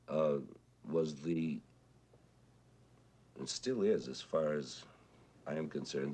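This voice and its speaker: An older man with a husky, whiskey-worn voice, reminiscing about his mentor in a thoughtful, unhurried way with hesitant fillers. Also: a bass voice, darkish tone. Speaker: composer and conductor recalling a mentor. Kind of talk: reflective spoken reminiscence. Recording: 1970s television broadcast archive.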